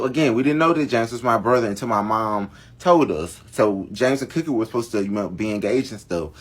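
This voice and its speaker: A young man narrating a dramatic family story to his viewers in a chatty, casual storytime style. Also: mid-range voice. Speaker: storyteller vlogger.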